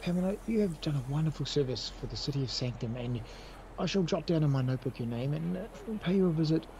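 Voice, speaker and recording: A man's voice: a little high, animated, quick pace, mellow, slight background noise, low-quality recording. A man playing a tabletop game, speaking in character in a formal, officious way. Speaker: tabletop player. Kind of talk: in-character role-play.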